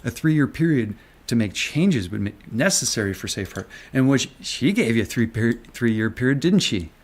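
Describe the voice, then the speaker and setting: A man's voice: mid-range voice, lively intonation, moderate pace. A man ranting on a live stream, angry and sarcastic, swearing and taunting with rhetorical questions. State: agitated. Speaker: stock market commentator.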